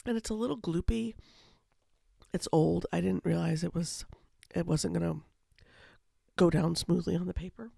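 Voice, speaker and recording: A woman with a slightly scratchy voice, speaking low and softly over a watercolor tutorial, rambling with lots of ums. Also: steady tone, normal speed, vocal fry, long pauses, husky, no room sound, studio quality. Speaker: watercolor painting instructor. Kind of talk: casual voice-over for a painting tutorial. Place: home, with a baby asleep in another room.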